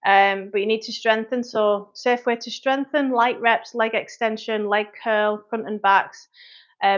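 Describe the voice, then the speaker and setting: A woman, a personal trainer answering viewer questions on a live stream in a frank, chatty way. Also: on the high side. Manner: frank, chatty, quick asides to commenters. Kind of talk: livestream Q&A, reading viewer comments. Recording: dull lo-fi livestream audio.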